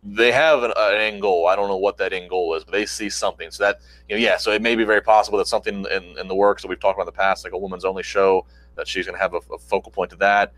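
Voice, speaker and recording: Male podcast co-host, low voice, rapid halting delivery, dry close sound. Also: steady tone, fairly bright tone, rough recording. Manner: quick, halting, many restarts. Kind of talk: casual chat.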